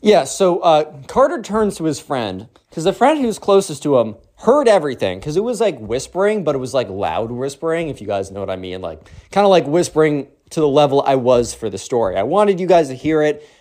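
Excitable, slangy young man telling a story. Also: on the high side, fairly quick, hardly any pauses. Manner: slangy, excitable, lots of 'bro' and 'like'. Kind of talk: casual storytime vlog.

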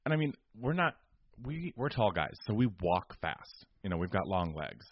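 A man's voice: lowish voice, sing-song, normal speed, muffled recording, slight background noise. A man co-hosting a podcast, telling a story in casual chat, exasperated and ranting. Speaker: podcast co-host.

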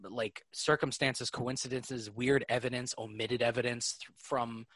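A man hosting a podcast in casual chat, excitable and rambling, swearing freely. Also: mid-range voice, unhurried, slightly rough, dry recording. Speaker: podcast host.

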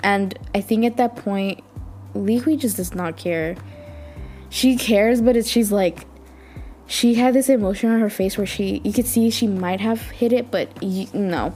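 A woman's voice: mid-range voice, unhurried, dark tone. Woman podcast host, casual recap, gushes and thinks aloud, light music bed. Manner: gushing fan, thinks aloud.

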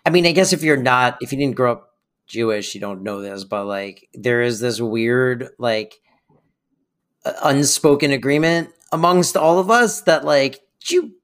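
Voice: medium pitch, a little slow. A podcast co-host chatting casually and candidly, swearing freely and laughing often. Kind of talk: casual chat.

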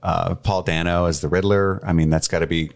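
Deep-voiced male co-host, friendly, casual interview questions. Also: fairly even intonation, fairly quick, vocal fry. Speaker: podcast co-host.

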